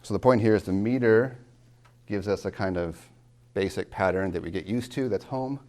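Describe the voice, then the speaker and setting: A man's voice: lowish voice, moderate pace, a little mellow. A man lecturing as a college tutor on reading poetry, asking questions and answering them himself, and tapping out rhythms aloud.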